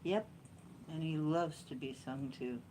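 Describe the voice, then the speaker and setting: A woman's voice: deep voice, unhurried, mellow, slight background noise. A woman chatting casually at home about her cat, in a doting, sing-song baby-talk manner. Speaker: channel host.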